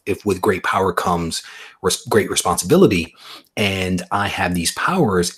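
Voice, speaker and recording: A man hosting a casual comics chat on a video call, thinking out loud at length and checking in with rhetorical questions. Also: sits low, slightly rough. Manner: thoughtful, explains at length with rhetorical asides. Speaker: comics podcast host.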